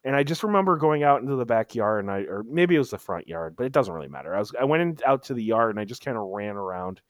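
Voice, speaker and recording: A man's voice: medium pitch, big pitch swings, fast talker, no room sound, studio quality. A man chatting casually as a podcast co-host, telling a story with lots of restarts and emphatic bursts. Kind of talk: casual chat.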